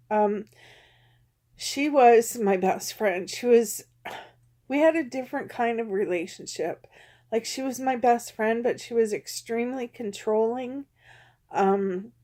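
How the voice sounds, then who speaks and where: A woman in her fifties talks openly to her camera in a personal vlog. Her voice is mellow and warm, and her speech is halting, full of pauses and ums. She sounds emotional, close to tears at times. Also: mid-range voice. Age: 50s. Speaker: vlogger.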